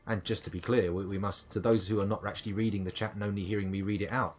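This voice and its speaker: A man's voice: lowish voice, flat delivery, fast, soft background music. A middle-aged man giving chatty, playful live commentary on his game, talking to the creatures and to himself. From United Kingdom. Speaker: gaming streamer.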